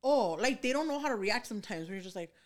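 Chicano woman from socal, loud swear-heavy chat, switches into spanish. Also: fairly high pitch, fast talker, a crowd in the background. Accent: Chicano English. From Southern California. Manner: animated, swears a lot, switches between English and Spanish. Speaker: podcast host. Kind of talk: casual chat.

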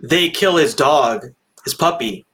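A man's voice: fairly high pitch, expressive, takes it slowly, a bit bright. A man co-hosting a film review podcast, joking casually and laughing at his own points. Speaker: podcast co-host.

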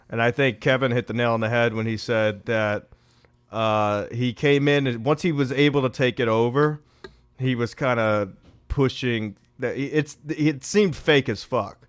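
A man's voice: mid-range voice, clear, resonant tone, no echo, clean studio sound. A man co-hosting a casual podcast, blunt and joking, who laughs often. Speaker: podcast co-host.

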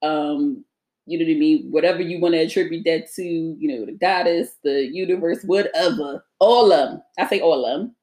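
A woman co-hosting a podcast, talking in a brash, animated, profane way and laughing loudly. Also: deep voice, moderate pace. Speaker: podcast co-host. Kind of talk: casual conversation.

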